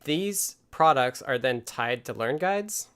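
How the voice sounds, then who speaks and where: A man's voice: mid-range voice, lively intonation, takes it slowly, fairly bright tone, clear, resonant tone. A man hosting a casual live stream from his home workspace, thinking aloud and explaining things step by step. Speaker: livestream host.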